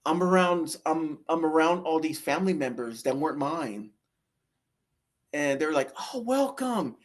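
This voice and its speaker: Man, guest telling his story, casual, rambling, lots of fillers, fairly high voice. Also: fairly even intonation, normal speed. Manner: rambling, with many fillers and restarts. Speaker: guest sharing a near-death experience.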